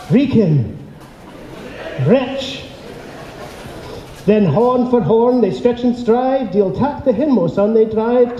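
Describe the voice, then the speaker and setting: A Scottish-accented man leads a dinner audience and recites verse with rolling, theatrical declamation. His voice sits high yet sounds very dark and mellow, and he takes his time. The sound carries a roomy hall echo over faint ambience. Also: dull audio, a little hiss or hum. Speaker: after-dinner speaker reciting a poem. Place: banquet hall at a dinner event.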